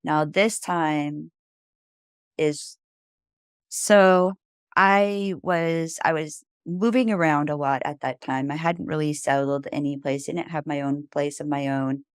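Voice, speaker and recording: A woman's voice: sits low, slow, clear, resonant tone, no echo, studio quality. A woman guest on a podcast, telling a personal story in a rambling, casual way, full of "like" and "you know.".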